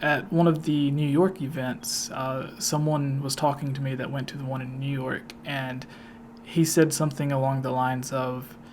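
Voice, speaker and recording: A man interviews a guest for his channel, his voice staying flat and level as he wanders through long, filler-filled questions. A faint hiss sits under the recording. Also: mid-range voice, moderate pace. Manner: rambling, filler-heavy questions. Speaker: YouTube interviewer. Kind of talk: casual interview chat.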